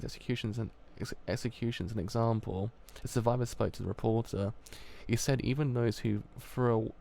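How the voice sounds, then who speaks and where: A man reading aloud as a gentle, earnest young man, speaking softly and pleadingly. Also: fairly low pitch, vocal fry.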